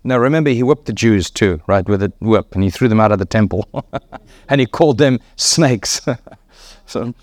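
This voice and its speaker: A man's voice: on the low side, lively intonation, moderate pace, no echo, studio quality. A man preaching a sermon, emphatic and repetitive, voice climbing sharply on key words.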